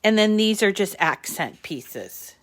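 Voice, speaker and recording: With a sing-song, medium-pitched voice, the crafting channel host takes her time on a live paper-crafting tutorial. She chats casually, full of ums and little restarts, as she guides viewers step by step.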